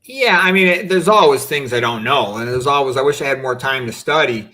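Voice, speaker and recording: This doctor, in his fifties, gives casual interview answers over a video-call talk show, wandering reflectively through asides and peppering his speech with "you know" and "okay." His medium-pitched voice is pushed and bright, brisk, with lively intonation.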